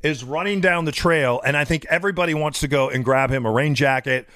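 A man's voice: a little high, fairly quick, pushed and bright, no room sound, studio quality. A man in his fifties, a podcast co-host rambling through a story in casual chat and acting out the quotes. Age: 50s.

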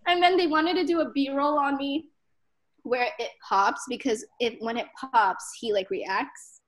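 A woman's voice: sits high, steady tone, a little slow, a little hiss or hum. A young woman telling stories as a podcast guest, chatty and giggly, full of "like". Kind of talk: casual storytelling.

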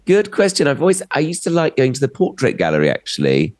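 A man's voice: medium pitch, wildly swooping pitch, fast talker, darkish tone. A middle-aged man, a comedian co-hosting a podcast, chatting in a playful, gossipy way. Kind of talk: casual chat.

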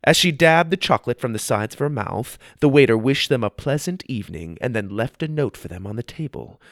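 A man narrates a children's adventure story with expressive, lively delivery. His pitch moves up and down a great deal. The sound is dry and close to the mic. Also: fairly quick, dry recording.

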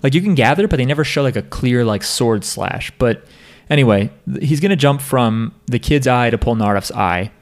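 A man's voice: mid-range voice, lively intonation, moderate pace, few pauses. Rambling, jokey man co-hosting. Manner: rambling, jokey, full of "like" and restarts. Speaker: podcast co-host. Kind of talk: casual chat recapping an anime.

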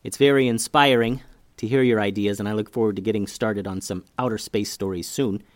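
A man hosting a children's story podcast, narrating in an animated, friendly storytelling way. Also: fairly low pitch, a little fast, no room sound, studio quality.

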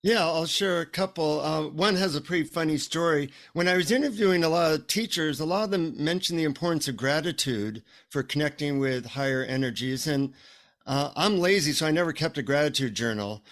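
A man's voice: on the high side, brisk. A man, a psychotherapist guest, telling humorous stories in a casual interview over a remote call. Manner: humorous, animated storyteller.

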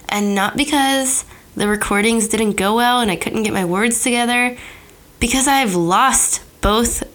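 A woman's voice: a little high, a bit bright. A woman in her thirties hosting a casual podcast, talking in a chatty, candid way, her voice a little nasal from a cold. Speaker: podcast host.

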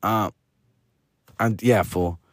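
A man's voice: fairly low pitch, steady tone, very slow, no echo, clean studio sound. A man in his forties with a Chicano Los Angeles accent tells a story in a casual, profane monologue. He mixes in Spanish, rambles, restarts his sentences and keeps calling the listener "fool" and "dog". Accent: Chicano English from Los Angeles.

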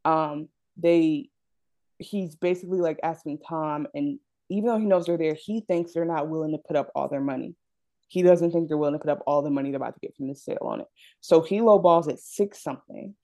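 A woman co-hosting a casual TV recap chat, relaxed, thinking aloud with fillers. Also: deep voice, brisk. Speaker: podcast co-host.

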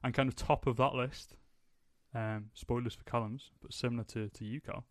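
A man's voice: mid-range voice, steady tone, normal speed, no echo, clean studio sound. A young man hosting a podcast, chatting casually and rambling with lots of fillers. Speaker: podcast host. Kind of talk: casual chat.

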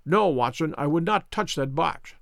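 A man voicing a brilliant, wry male detective who explains in a brisk, ironic, lecturing way. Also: fairly high pitch, expressive, vocal fry, fairly bright tone, dry recording, studio quality. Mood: explaining.

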